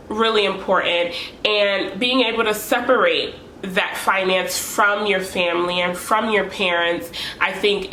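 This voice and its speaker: A woman's voice: mid-range voice, bright, forceful tone, slight background noise. A young woman vlogger giving earnest, encouraging advice to camera, repeating key points for emphasis. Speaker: lifestyle vlogger. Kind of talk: casual advice talk to camera. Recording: echoey room with faint ambience.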